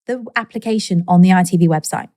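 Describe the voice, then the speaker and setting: A woman in her thirties, interviewed as a guest, tells her story candidly in an animated, quirky way, acting out the people she quotes. She talks fast in a fairly low voice, recorded in studio quality with no echo.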